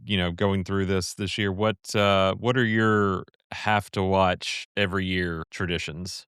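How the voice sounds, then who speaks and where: A man's voice: low voice, steady tone, unhurried, a bit bright, smooth, no room sound, clean studio sound. A man hosting a casual chat, playfully dramatic with bursts of mock outrage. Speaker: podcast host.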